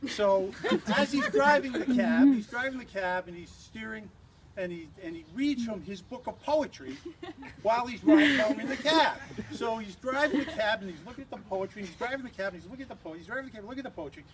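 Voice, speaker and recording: A man's voice: very high-pitched, lively intonation, fairly quick, a crowd in the background. An older man giving a humorous toast at an engagement party, a rambling, teasing storyteller who restarts often.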